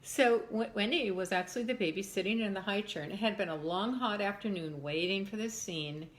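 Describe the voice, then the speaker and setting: An older woman, a mother, reminiscing in an interview with lively storytelling that acts out voices. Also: mid-range voice, fairly quick. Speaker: mother of a former child actor. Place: home in Texas.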